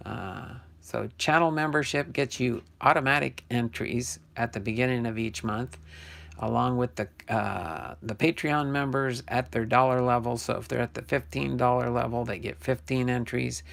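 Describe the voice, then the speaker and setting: Gravelly older man hosting a card stream. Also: mid-range voice, normal speed, fairly bright tone. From New Jersey. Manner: chatty, self-correcting, thinking aloud. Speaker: sports card channel host. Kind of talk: casual live stream chat.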